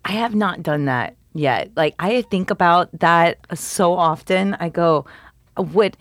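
A woman's voice: fairly low pitch, slow. A woman hosting a podcast in casual chat, laughing often and joking around. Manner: laughing, animated, jokey. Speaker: podcast host.

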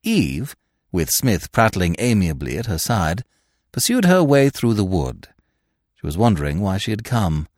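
A man narrating a classic story aloud, with expressive, wry delivery. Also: low voice, normal speed, no echo, clean studio sound. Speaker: audiobook narrator. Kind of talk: scripted narration.

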